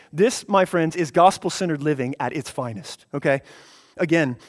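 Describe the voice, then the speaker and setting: A man preaching a sermon, emphatic, repeating phrases for stress and building to passionate peaks. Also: fairly high pitch. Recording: long hall reverb.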